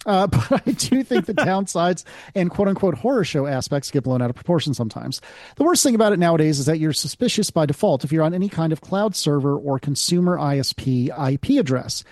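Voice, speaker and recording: Slightly high-voiced man reading listener mail. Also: sing-song, quick pace, a little mellow, no room sound, studio quality. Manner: reads listener emails aloud, stumbles and restarts, laughs at himself. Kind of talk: casual tech chat.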